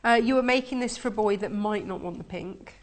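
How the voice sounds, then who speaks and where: A woman's voice: medium pitch, a little fast. A woman presenting a live shopping channel from a TV studio, chatting and selling in upbeat patter.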